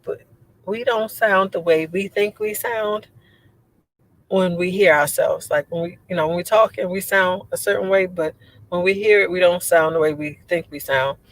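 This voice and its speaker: A woman with a low voice, chatting casually on a livestream, rambling and laughing often as she answers viewer comments. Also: moderate pace, low-quality recording. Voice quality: low voice she says sounds like a man's. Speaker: livestream host.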